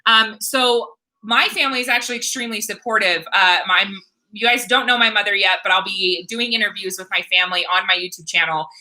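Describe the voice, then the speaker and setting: Woman from the US, livestream host, very bright voice, chatty, reads out comments. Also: mid-range voice, a little fast, poor audio. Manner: chatty, thanks viewers and reads comments aloud, drops in Spanish. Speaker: vlogger hosting a livestream Q&A. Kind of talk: casual livestream chat.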